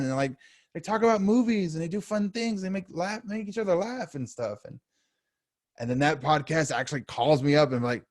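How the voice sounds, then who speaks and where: Speaking fairly quickly, this man co-hosts a podcast and tells stories in relaxed conversation. He animates quotes with big leaps in pitch. The studio-quality audio has no echo.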